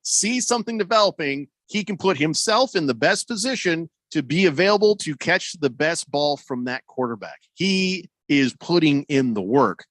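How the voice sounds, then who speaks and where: A man's voice: a little high, animated, moderate pace, few pauses, a bit bright, no room sound. A man hosting a sports talk radio show in a casual way, playfully riffing on wordplay.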